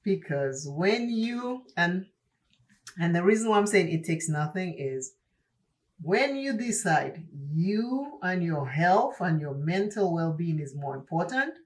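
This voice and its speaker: A woman's voice: fairly low pitch, lively intonation, slow. A woman with an accent, talking while doing her makeup in a chatty get-ready-with-me vlog, emphatic and preachy, repeating herself for stress. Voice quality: speaks with an accent. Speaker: beauty vlogger.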